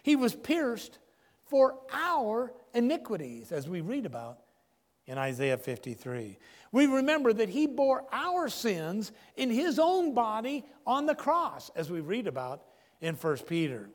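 Older male pastor, high animated voice, emphatic pausing delivery, long hall echo. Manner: emphatic preaching with dramatic pauses. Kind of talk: sermon.

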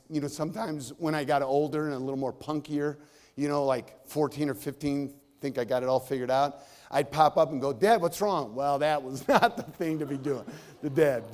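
A middle-aged man preaching a sermon in a church. He talks in a conversational way, swinging between loud and hushed. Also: fairly high pitch. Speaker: pastor. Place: church sanctuary. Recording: long reverb of a large hall.

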